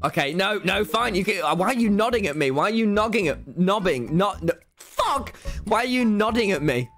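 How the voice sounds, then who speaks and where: Excitable young man streaming a game. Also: sits high, normal speed, soft background music. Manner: excitable, frequent laughing and yelling, repeated words. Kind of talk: live gameplay stream commentary.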